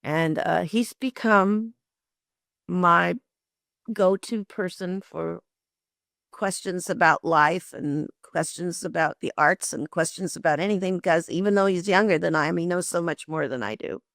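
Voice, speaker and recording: An older woman telling lively, expressive stories as an interview guest, often laughing. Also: lowish voice, unhurried, creaky, no room sound, studio quality. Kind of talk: animated storytelling.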